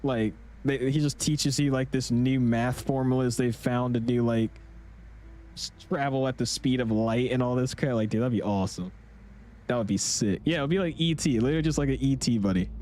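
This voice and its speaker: A young man streaming a flight simulator, chatting casually in an excitable, rambling way full of slang. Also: mid-range voice, brisk. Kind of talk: casual livestream chat.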